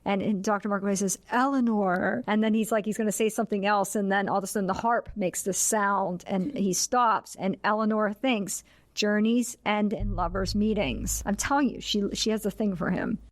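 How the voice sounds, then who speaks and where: Animated woman retelling a film. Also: mid-range voice, fairly quick, few pauses, no room sound. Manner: animated retelling, acts out quotes. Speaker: podcast host. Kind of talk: casual film discussion.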